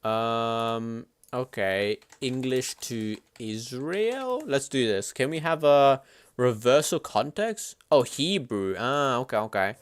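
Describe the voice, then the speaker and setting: A man streaming live at his computer, chatting casually in an excitable, slangy, swear-heavy way. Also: mid-range voice, takes it slowly, smooth.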